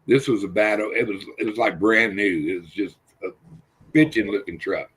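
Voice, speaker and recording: An older man on a livestream panel, telling rough, profane stories and acting out the voices in them. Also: fairly low pitch, normal speed, fairly bright tone. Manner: rough-spoken, swears freely, acts out quotes. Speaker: panel guest. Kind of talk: casual storytelling on a livestream panel.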